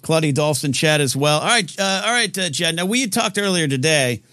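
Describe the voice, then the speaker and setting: A man's voice: on the high side, lively intonation, bright, forceful tone, no echo. Rambling male call-in show host. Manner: rambling, halting, many restarts and fillers. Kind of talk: casual live-stream chat.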